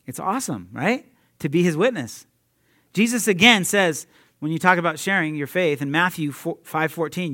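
A young adult man preaching a sermon in an energetic, conversational way, laughing often and talking straight to his listeners. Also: fairly high pitch, normal speed. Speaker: preacher at a youth ministry.

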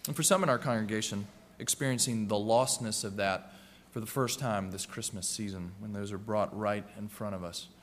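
A man preaching a sermon with earnest, rhythmic repetitions, slowing down and softening for emphasis. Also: lowish voice. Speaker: pastor. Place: church sanctuary. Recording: long reverb of a church hall.

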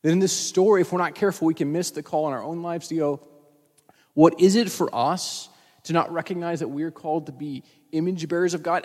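Pastor guy preaching, kinda high voice, earnest and chatty, long echo of the church hall. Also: steady tone, brisk, darkish tone. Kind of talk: sermon. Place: church sanctuary.

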